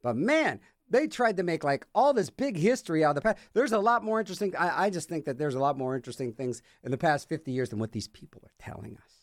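A male radio host talks from a studio with wry sarcasm. His voice sits high and swings a lot in pitch. The sound is dry and close, with no room echo. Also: sing-song, fast talker, few pauses. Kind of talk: rambling radio chatter.

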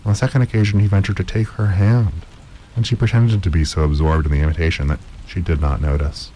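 Deep, mellow male storyteller. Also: flat delivery, a little hiss or hum, rough recording. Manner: measured, with occasional stumbles and repeats. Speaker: narrator. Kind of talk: storytelling read-aloud.

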